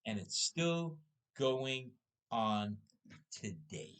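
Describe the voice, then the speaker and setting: A man's voice: mid-range voice, very animated, drawn-out words, a bit bright, clear, resonant tone, poor audio. A man in his sixties hosting a casual talk show, telling stories and putting rhetorical questions to his listener. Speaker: podcast host. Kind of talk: casual storytelling chat.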